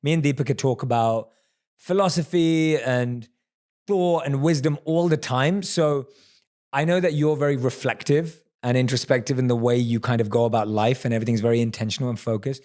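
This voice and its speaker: A man's voice: medium pitch, a little mellow. Enthusiastic male podcast host. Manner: enthusiastic, affirming, quick bursts. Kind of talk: podcast interview.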